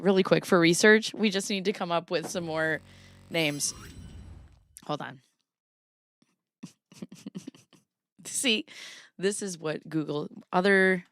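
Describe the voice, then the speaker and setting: A woman's voice: on the low side, gravelly, dry recording, studio quality. A woman in her thirties hosting a casual livestream, giggly and often breaking into laughter. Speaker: streamer host.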